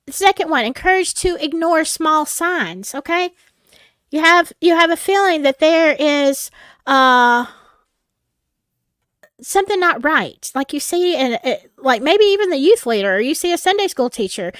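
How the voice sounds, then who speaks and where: Woman, high voice, very lively intonation, chatty storytelling, acts out quotes, dry close sound. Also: no echo. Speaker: channel host talking about church abuse. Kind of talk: personal storytelling commentary.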